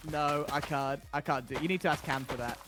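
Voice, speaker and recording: An English man chatting casually on a call, playful and quick to try silly voices and accents. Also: on the high side. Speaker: streamer guest. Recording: faint music behind.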